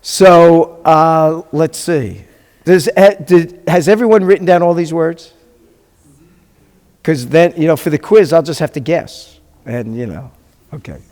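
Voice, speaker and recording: A man's voice: a little high, measured pace, a little mellow. A man teaching a beginners' class as a rabbi, talking casually and stopping often to ask his students questions. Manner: patient, chatty, asks the class questions. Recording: long hall reverb.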